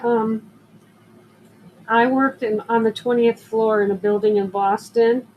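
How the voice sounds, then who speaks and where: Older woman, live-stream seller, unhurried chatty storytelling, higher-pitched voice, faint hiss behind her. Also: steady tone, lo-fi sound. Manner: chatty, rambling storyteller who greets viewers. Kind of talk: casual live-stream chat.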